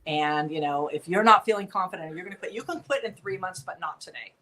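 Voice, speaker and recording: A woman's voice: lowish voice, animated, fast talker, pushed and bright, a little hiss or hum, low-quality recording. A middle-aged woman from Southern California, a nonprofit founder talking earnestly and with animation as a guest in an interview. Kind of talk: interview conversation.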